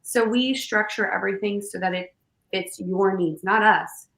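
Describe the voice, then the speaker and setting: A woman's voice: mid-range voice, a little slow, a bit bright. A woman real estate agent talking casually, explaining things and asking rhetorical questions. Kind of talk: casual conversation on a show. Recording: echoey room.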